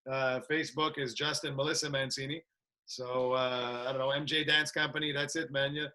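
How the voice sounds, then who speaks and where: A man's voice: medium pitch, level tone, a little fast, bright, forceful tone. A man from Canada, a martial arts trainer, chatting as a guest in an upbeat way, laughing often. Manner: upbeat, laughs a lot, repeats "that's it". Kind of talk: casual chat.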